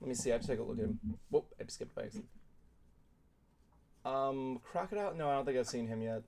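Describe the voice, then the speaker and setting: A man co-hosting a talk show, chatting casually in an animated, rambling way and swearing often. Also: medium pitch, fast talker. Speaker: podcast co-host. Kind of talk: casual chat.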